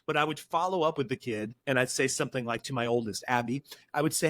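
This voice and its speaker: A man's voice: mid-range voice, fast, hardly any pauses, fairly bright tone, no echo, clean studio sound. A middle-aged man, a counselor guest on a podcast, speaking earnestly and with emphasis, acting out bits of dialogue as he tells stories. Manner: earnest, emphatic, acts out dialogue while storytelling. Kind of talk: podcast interview.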